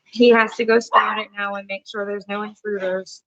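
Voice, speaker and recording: A woman chats her way through a live cooking stream in her home kitchen, rambling from topic to topic and turning aside to talk to her dog and family. Her voice sits at an ordinary middle pitch. The audio is a little dull and muffled. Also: little pitch movement, moderate pace, heavy background noise. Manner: chatty and rambling, breaks off to talk to pets and family.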